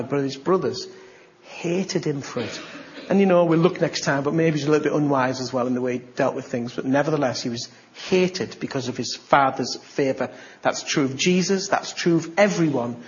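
Excitable preacher, lo-fi. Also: male voice, a little high, moderate pace, a little hiss or hum. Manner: storytelling, acts out dialogue, bursts of excitement. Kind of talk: sermon with a personal story.

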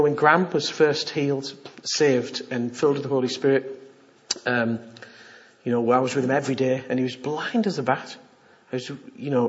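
A middle-aged man preaching an informal, jokey sermon and acting out the voices he quotes. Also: mid-range voice. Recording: dull lo-fi sound.

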